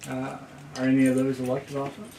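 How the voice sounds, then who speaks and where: A man's voice: mid-range voice, completely flat delivery, brisk, creaky. Man asking questions from across a room. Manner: brief, curious questions. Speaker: reporter. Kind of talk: news interview. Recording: distant, echoey, noisy.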